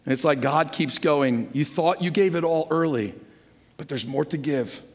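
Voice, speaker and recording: A middle-aged man preaching a sermon as a pastor, earnest and exhorting, swinging between loud urging and hushed intensity. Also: a little high, normal speed. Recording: long hall reverb.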